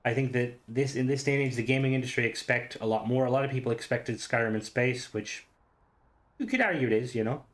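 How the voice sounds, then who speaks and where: A man's voice: mid-range voice, fast talker. A young man chatting casually about a video game, rambling with lots of fillers and restarts and the odd swear word. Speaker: gaming YouTuber. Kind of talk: casual unscripted commentary.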